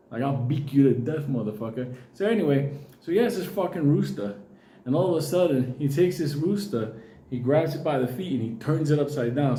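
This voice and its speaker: A man telling a profane, animated comic story, acting out the voices of the people in it. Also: mid-range voice, roomy sound. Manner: animated, swears constantly, acts out voices.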